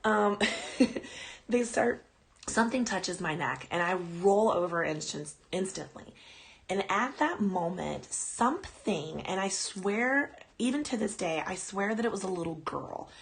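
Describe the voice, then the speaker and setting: A woman's voice: mid-range voice, lively intonation, a little slow, creaky. A woman podcast host casually telling a personal ghost story on a live stream, rambling and chatty. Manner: chatty, rambling, breaks off to coo at her dog.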